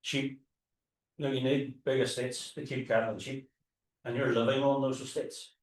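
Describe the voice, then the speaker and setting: A man's voice: medium pitch, little pitch movement, moderate pace. A man with a Derry accent, a tour guide and historian, talking informally to a live audience, with frequent restarts and asides. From Northern Ireland. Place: forum hall. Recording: roomy hall, mic at a distance.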